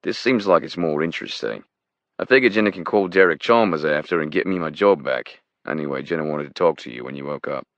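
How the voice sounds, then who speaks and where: A man's voice: rumbling low, fairly quick, a bit bright, dry recording, lo-fi sound. A man voicing a blunt, wry British male spy with a British accent, talking in a matter-of-fact way.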